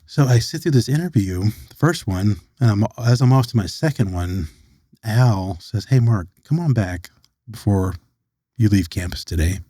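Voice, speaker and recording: Low, warm-voiced man telling a story. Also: moderate pace, no room sound. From United States. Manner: animated storyteller who acts out quoted dialogue. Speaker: guest. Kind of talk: storytelling in a podcast interview.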